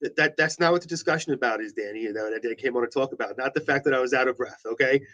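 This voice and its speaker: A man's voice: medium pitch, very fast, pushed and bright, lo-fi sound. A man co-hosting a local morning show, joking and playfully defending himself in studio banter. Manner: playful, mock-defensive teasing.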